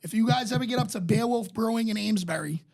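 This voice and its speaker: A man with a raspy, smoker-sounding voice, full of gravel and breath. He co-hosts a podcast, rambling through profane stories with plenty of restarts. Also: high-pitched, fast talker, darkish tone. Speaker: podcast co-host. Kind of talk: casual storytelling chat.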